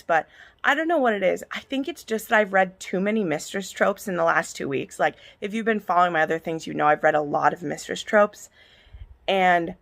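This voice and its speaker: A woman's voice: medium pitch, creaky, fairly bright tone. A woman in a casual vlog rant, heated and passionate, swearing freely as she reviews a book. Her voice sits in a middle register. She sounds irritable, as someone on pain medication.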